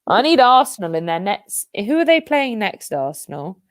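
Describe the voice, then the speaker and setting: Young woman, football watch-along host, foul-mouthed, pitch leaping all over, dry sound. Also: big pitch swings, moderate pace, no room sound. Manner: swearing, explosive outbursts at the match. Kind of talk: live watch-along chat.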